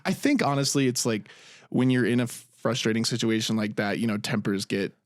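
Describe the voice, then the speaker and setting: A man's voice: medium pitch, brisk, no room sound. Young guy on a podcast telling a story, cursing a lot, doing the voices, dead dry mic. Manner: animated, swears freely, acts out quotes. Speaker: podcast co-host. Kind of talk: casual storytelling chat.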